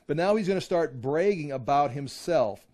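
A man leads a Bible study, reading verses and then explaining them in a relaxed conversational way. His voice sits a bit high for a man, and he often breaks off and restarts his sentences as he goes. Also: moderate pace.

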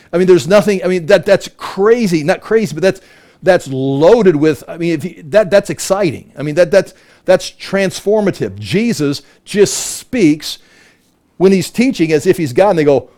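Brief: man, Bible teacher, slightly high voice, emphatic and lively, restarts phrases as he thinks. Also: normal speed. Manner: animated, emphatic, repeats words as he thinks aloud.

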